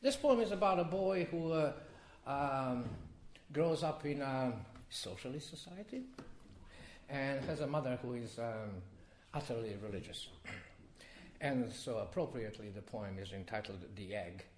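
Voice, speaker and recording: A man reading his own poem to a live audience, with expressive rises and drops in his voice. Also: a little slow, slight background noise. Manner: expressive, wide swings in pitch and loudness. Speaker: poet reading his work. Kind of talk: poetry reading.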